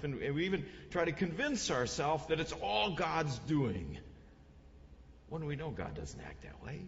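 A man preaching a sermon with lively delivery, often repeating words and acting out the lines he quotes. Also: on the high side, measured pace, vocal fry, slight background noise. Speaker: pastor. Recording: muffled audio, long hall reverb.

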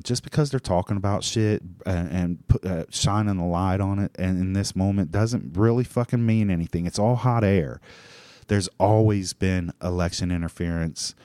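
Guy with a real low mellow voice just rambling and cussing on his own show, dry sound. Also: no echo. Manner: profane, meandering, frequent restarts and fillers. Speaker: podcast host. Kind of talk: rambling solo monologue.

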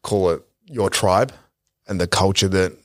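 A male podcast co-host with a very low voice talks things over in a thoughtful, unhurried way. The sound is dry and close, with no room echo. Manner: reflective, unhurried, with filler "like". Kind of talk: casual podcast chat.

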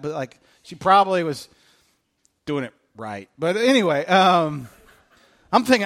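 A man preaching a casual, animated sermon, joking and talking conversationally to his listeners. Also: fairly high pitch, normal speed.

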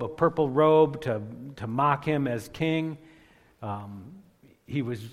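A man preaching a sermon, slowing on key phrases and building to loud emphatic peaks. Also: fairly high pitch. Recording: long echoing reverb of a large hall.

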